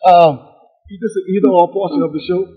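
A man's voice: high-pitched, fairly even intonation, a little fast, husky, dull audio. A man from the Bahamas hosting a casual interview, rambling and restarting his questions, then joking with his guest. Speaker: host.

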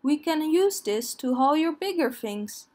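A gloomy but helpful male donkey toy, as a woman reads him aloud. He speaks slowly and plainly in a fairly high voice, like a storybook character read to small children. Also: animated, a little mellow.

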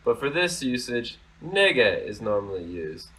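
A man's voice: mid-range voice, very animated, a little slow, pushed and bright, rough recording. A man hosting a casual commentary video, reading out news articles and reacting bluntly and sarcastically, with plenty of swearing. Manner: blunt, sarcastic and profane, with frequent restarts. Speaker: commentary vlog host.

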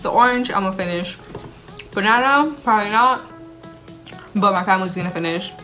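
Tasting food at home for her vlog, a bubbly young woman chats and gushes, dropping Spanish words as she eats. She talks fairly quickly in a medium-pitched voice that sounds pushed and bright, over background music.

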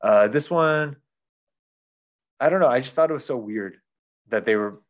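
A man talking casually as a reviewer, rambling through a story with many "um"s and "like"s. His voice sits at a middling pitch. The recording is a bit dull and lo-fi. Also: moderate pace. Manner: rambling, filler-heavy retelling. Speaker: podcast reviewer. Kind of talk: casual chat.

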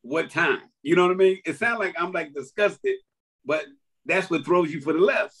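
Husky, high-voiced man, lively delivery. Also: moderate pace. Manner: animated, laughs through his stories. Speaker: comedian guest. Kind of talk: casual chat explaining jokes.

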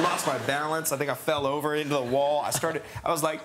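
A young adult man, a talk show guest, telling a rambling, animated anecdote in a TV studio on a lapel mic. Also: on the high side, fast, very noisy. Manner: rambling, animated storytelling with laughs.

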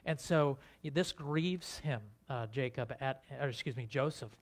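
A man with a fairly high voice delivers a Bible sermon as a pastor. He keeps it conversational, checking in with listeners through rhetorical questions and often restarting his phrases as he goes. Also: a little slow, few pauses.

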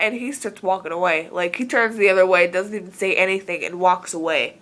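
A woman's voice: medium pitch, moderate pace, hardly any pauses, fairly bright tone. A woman from Southern Oregon talking casually to camera in an earnest, rambling way, full of filler words. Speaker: vlogger.

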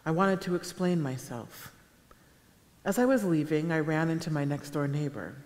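Woman giving a deadpan reading in a hall. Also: low-pitched, moderate pace. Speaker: author reading her own fiction. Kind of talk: live public reading. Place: town hall auditorium with a live audience. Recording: echoey live hall sound.

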